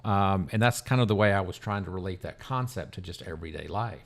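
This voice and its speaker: A man's voice: low-pitched, quick pace. A man co-hosting a podcast, a lawyer talking in casual conversation with frequent fillers. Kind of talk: casual professional chat.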